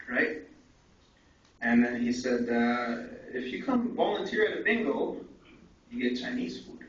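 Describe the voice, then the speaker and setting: A conference speaker with a fairly high-pitched voice tells a personal story to an audience in a conference hall, candid and animated, with asides to the crowd. He is recorded from far off in the echoey hall, and the sound is dull and faintly noisy.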